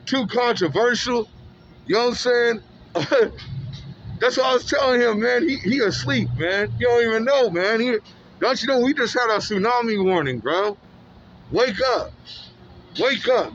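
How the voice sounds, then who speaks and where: A man's voice: very high voice, a bit bright, muffled recording, slight background noise. A man in an emphatic, repetitive, slangy street monologue, recorded outdoors. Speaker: street vlogger.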